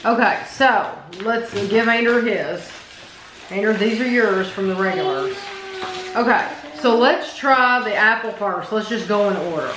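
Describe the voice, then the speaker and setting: A woman's voice: mid-range voice, measured pace, a bit bright, echoey room, slight background noise, poor audio. A woman hosting a casual candy taste test, chatting as she leads everyone through each flavor in turn. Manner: chatty, leads the tasting step by step. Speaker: host of a candy review channel.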